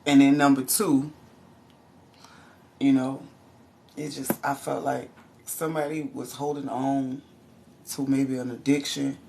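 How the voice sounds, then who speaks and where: A woman with a deep, gravelly voice gives a casual tarot reading straight to her viewers. She swears freely and keeps breaking into laughs and loud exclamations. A faint hiss sits under the recording. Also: little pitch movement, unhurried, long pauses. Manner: profane, laughs and exclaims often. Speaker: tarot reader.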